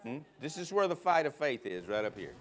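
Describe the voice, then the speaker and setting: A man preaching a sermon in a church, emphatic, leading the congregation in call-and-response and prodding them with quick asides. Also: mid-range voice, sing-song, faint music behind. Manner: emphatic, prods the crowd with "huh?". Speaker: guest preacher. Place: church sanctuary.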